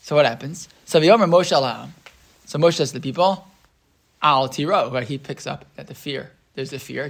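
A woman's voice: sits low, normal speed, creaky. A woman teaching an interactive Torah class, telling stories and putting questions to the group. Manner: lively, storytelling, asks the group questions.

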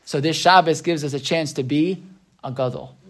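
A man's voice: fairly high pitch, normal speed, fairly bright tone. A man teaching a casual Torah class, chatty and conversational, often tagging "right?" onto his points and acting out the people in his stories. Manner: chatty, keeps asking "right?"; acts out quoted voices in his retelling.

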